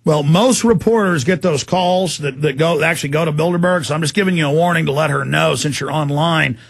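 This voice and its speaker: Raspy, high-voiced talk radio host. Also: male voice, brisk, no echo. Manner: intense, emphatic, warning tone.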